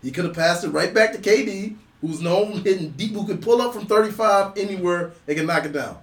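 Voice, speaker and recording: High-voiced man insisting on his take. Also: a little fast, reverberant. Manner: insistent storyteller, swears freely. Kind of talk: casual sports debate.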